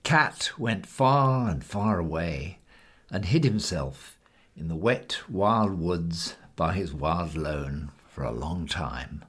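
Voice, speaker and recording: A man reading a classic children's story aloud in measured, rhythmic storybook narration. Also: deep voice, animated, fairly bright tone, slightly rough. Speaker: reader.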